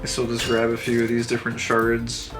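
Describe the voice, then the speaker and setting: A young man talks through a game stream in a dry, sarcastic voice, musing aloud as he plays. His pitch stays flat and even, with little rise or fall. Faint game music plays underneath him. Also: fairly quick. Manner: dry, self-described heavily sarcastic, thinks aloud. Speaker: streamer playing an online game. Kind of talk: casual let's-play commentary, reading game text aloud.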